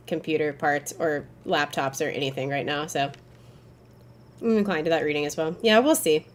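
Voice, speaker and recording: Woman, game streamer, casual gameplay commentary, rambling and chatty, talks to chat, somewhat low voice. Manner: talks to her chat while playing.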